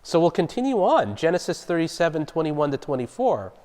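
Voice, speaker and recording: A man's voice: on the high side, sing-song, fairly quick, hardly any pauses, darkish tone. Man teaching a Bible study in a reverberant hall. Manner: conversational, explaining and asking the group questions. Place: church hall. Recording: long reverb of a large hall.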